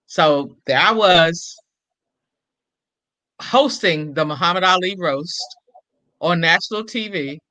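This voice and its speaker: An older woman, a comedian and impressionist, telling a story in an interview and acting out every quoted line with lively shifts in voice. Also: fairly low pitch, no room sound, poor audio.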